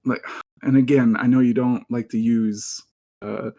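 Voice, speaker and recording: A man's voice: medium pitch, fairly even intonation, a little slow, mellow. A man from Baltimore calling into a heated debate, mocking and sarcastic, laughing at the other side. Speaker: guest caller.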